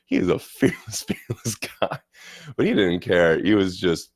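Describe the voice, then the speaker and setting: A man telling a travel story in a casual, animated way, often repeating words and restarting his sentences. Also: low voice, a little slow, dry recording, studio quality.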